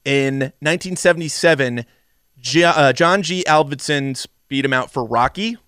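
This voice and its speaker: A man's voice: a little high, moderate pace, fairly bright tone, smooth, dry recording, studio quality. A man co-hosting a casual movie podcast, reading out fun facts and cast lists in an upbeat way. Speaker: podcast co-host.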